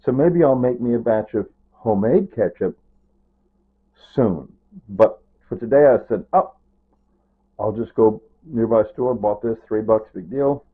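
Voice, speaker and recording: A man's voice: on the low side, measured pace, slightly rough. Rambling older man, tinny phone-quality sound. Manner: rambling, repetitive, grieving and near tears. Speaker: vlogger. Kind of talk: rambling casual monologue.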